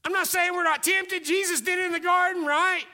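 High, bright-voiced male pastor preaching. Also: fairly even intonation, a little fast. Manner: dynamic preaching, swinging between loud exclamations and hushed whispers. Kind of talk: sermon.

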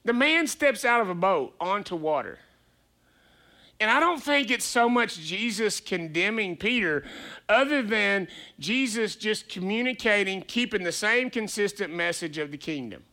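A man's voice: high voice, animated, measured pace, sharp tone. A male pastor preaching a conversational sermon, chatty and playful, asking rhetorical questions.

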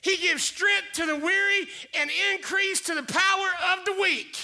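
Male pastor, high gravelly voice, preaches in forceful shouted bursts, winded. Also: fairly even intonation, moderate pace. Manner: preaching with rising shouted declarations. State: getting out of breath. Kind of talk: sermon.

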